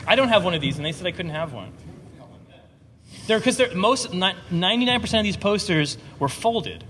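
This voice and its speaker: A man's voice: high voice, lively intonation, fairly quick, fairly bright tone. Middle-aged male writer, loose and stammering, panel talk in a reverberant hall. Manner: rambling, stammering restarts, frequent swearing and laughter. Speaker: comic book writer on a convention panel. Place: convention panel room. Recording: reverberant hall with audible background noise.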